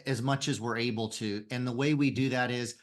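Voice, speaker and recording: A man's voice: medium pitch, fairly even intonation, fairly quick. A man who is a guest on a podcast, explaining his business earnestly with frequent restarts. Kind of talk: conversational interview.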